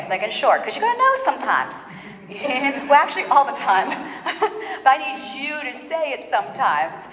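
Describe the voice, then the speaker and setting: A woman's voice: medium pitch, fairly bright tone. Woman coaching a pilates class. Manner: encouraging, counts reps, coaching a class in the room. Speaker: pilates instructor. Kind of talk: live class instruction. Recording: roomy hall reverb.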